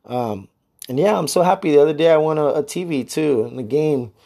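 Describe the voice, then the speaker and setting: A man's voice: on the high side, fairly quick, creaky, mellow. Laid-back slangy podcast guy. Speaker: podcast host. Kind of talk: casual solo podcast chat.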